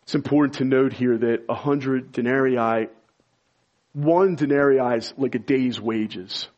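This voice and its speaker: Explaining scripture as a pastor, a man preaches at a measured pace, climbing to loud, high-pitched emphasis when he gets stirred up. The recording's high frequencies are cut off.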